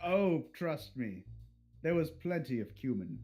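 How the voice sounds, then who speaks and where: A man's voice: fairly high pitch, lively intonation, a little slow, warm tone, faint music behind. A man narrating as game master, crude and playful, slipping into characters' voices.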